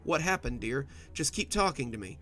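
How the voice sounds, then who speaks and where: A man voicing an anxious young husband on the phone in a read-aloud story, asking halting questions. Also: medium pitch, expressive, bright, forceful tone, faint music behind. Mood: worried. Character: worried young husband stuck in traffic.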